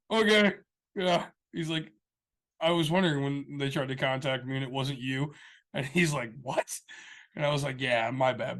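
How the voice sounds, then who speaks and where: A man's voice: mid-range voice, a bit bright. A man co-hosting a podcast, rambling through a story in casual chat and acting out the people he quotes. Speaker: podcast co-host.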